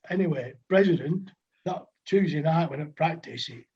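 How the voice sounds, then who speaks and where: A man's voice: on the high side, normal speed, a little mellow, highs cut off, a little hiss or hum. A man in his sixties with a Lancashire accent, a podcast guest telling old cricket stories in a rambling, chatty way full of dialect words and fillers. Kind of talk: anecdotal storytelling.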